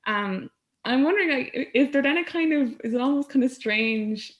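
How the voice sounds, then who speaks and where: A woman's voice: high voice, expressive, moderate pace, highs cut off. Young irish woman, interviewer, friendly, hesitant, lots of fillers. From Ireland. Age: young adult. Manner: friendly, hesitant, laughs between phrases. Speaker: student interviewer. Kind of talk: casual interview.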